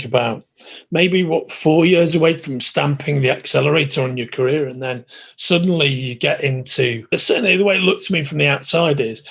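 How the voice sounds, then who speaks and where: A man hosts a casual podcast chat. His voice sits fairly high and sounds gravelly and husky. He talks like an eager, chatty fan. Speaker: podcast host.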